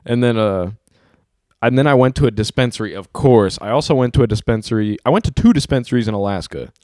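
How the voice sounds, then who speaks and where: Young guy hosting, swears a lot, animated storyteller, medium voice, dry sound. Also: medium pitch, fast, dry recording. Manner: animated, profane storytelling with lots of slang. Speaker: host. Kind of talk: casual podcast chat.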